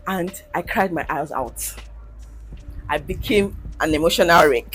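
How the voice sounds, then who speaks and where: A woman's voice: measured pace, over music. A woman in her thirties, a content creator, telling her own story with candid emotion, sighs and laughs. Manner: animated, acts out quoted voices with big pitch jumps. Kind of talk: personal storytelling vlog.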